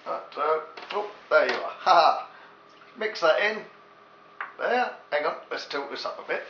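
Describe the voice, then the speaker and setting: A man's voice: fairly high pitch, animated, unhurried, bright, forceful tone. An English man giving a casual, jokey cooking demonstration in his home kitchen, full of rambling asides to the viewer. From England. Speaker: home cook. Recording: echoey, dull lo-fi with faint hiss.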